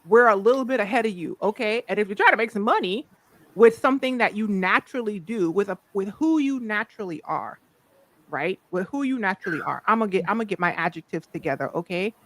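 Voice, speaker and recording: A woman's voice: medium pitch, lively intonation, brisk, dry recording. Playful, laughing woman host in a dry room. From US Virgin Islands. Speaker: host, life coach. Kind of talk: casual livestream chat.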